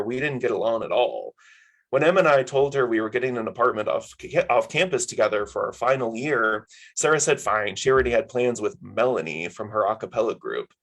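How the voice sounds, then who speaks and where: A man's voice: medium pitch, animated, a little fast, a bit bright, low-quality recording. A man reading his own fiction aloud at a story hour, in a casual, wry first-person style.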